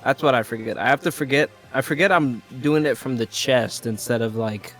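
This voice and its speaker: A man chats loosely and laughs as he plays a tabletop roleplay with friends. His voice sits in a middle pitch. Faint music plays behind him. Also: brisk, a bit bright. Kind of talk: casual in-character chat.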